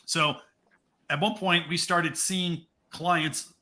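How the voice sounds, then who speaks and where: A man's voice: fairly high pitch, fairly even intonation, slow, bright, forceful tone. A man co-hosting a podcast, telling a personal business story in a casual, conversational way, often restarting his sentences. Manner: conversational, with many restarts and asides. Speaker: podcast co-host.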